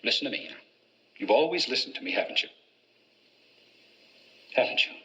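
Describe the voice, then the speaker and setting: A man's voice: mid-range voice, expressive, moderate pace, sharp tone, dull audio. An actor playing an overbearing middle-aged father who coaxes and pushes his son. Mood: pushy. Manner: pushy, coaxing.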